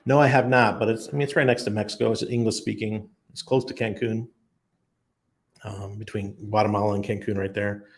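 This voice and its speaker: A man's voice: fairly low pitch, steady tone, a little fast. A man hosting a casual livestream, reading out viewer comments and answering them off the cuff in a chatty way. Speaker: crypto livestream host. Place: home in Panama.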